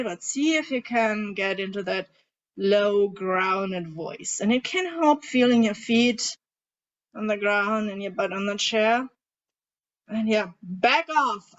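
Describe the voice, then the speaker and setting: A woman coach guiding a group tapping session in a calm way, asking the group questions as she leads them. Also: medium pitch, a little slow. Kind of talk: guided coaching instruction. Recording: dull lo-fi audio.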